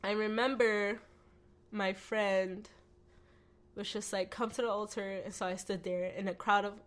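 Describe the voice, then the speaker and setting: A woman telling her personal faith testimony as a podcast guest, animated, acting out quoted voices, with lots of "like" and "you know.". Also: medium pitch, a little slow. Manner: frequent "like" and "you know" fillers.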